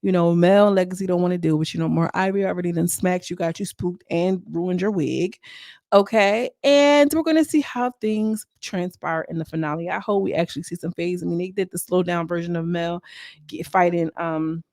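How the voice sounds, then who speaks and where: A young adult woman giving a casual, gossipy recap of a reality show, animated and full of slang. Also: lowish voice, brisk, dry recording, clean studio sound. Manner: animated, slangy, acts out quoted lines.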